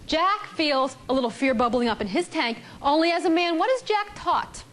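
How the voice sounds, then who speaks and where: A woman leading a live relationship seminar, telling a story with animated delivery and putting questions to the audience. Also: sits high, normal speed. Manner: animated storytelling, acting out both sides of a couple.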